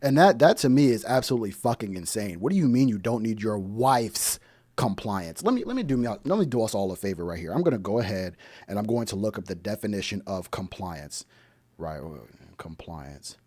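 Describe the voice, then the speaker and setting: A man's voice: fairly low pitch, very animated, fairly quick, a little mellow, no echo. Blunt man lecturing with rhetorical questions. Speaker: relationship commentary host. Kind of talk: reaction commentary on a clip.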